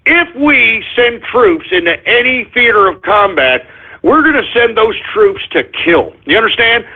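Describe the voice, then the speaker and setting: A radio host man rants in a combative monologue, his voice high and husky. He keeps cutting in with loud shouted bursts. The sound is thin and narrow, like a phone line. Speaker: radio talk show host. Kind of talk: political talk radio monologue.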